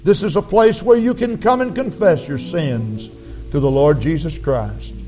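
A man preaching an altar call, his raspy voice earnestly pleading with the congregation to come forward. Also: fairly high pitch, unhurried, warm tone, faint music behind, low-quality recording. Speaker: pastor. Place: church sanctuary.

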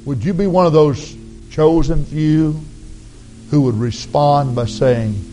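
A raspy-voiced male pastor delivers an altar call at a very slow, drawn-out pace. His voice sits a little high for a man. He pleads earnestly, with soft music faintly underneath. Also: rough recording. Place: church sanctuary.

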